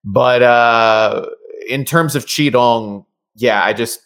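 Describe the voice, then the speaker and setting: A man's voice: medium pitch, slow, a bit bright, clean tone. A man, a voice actor, chatting casually as an interview guest with many fillers and restarts.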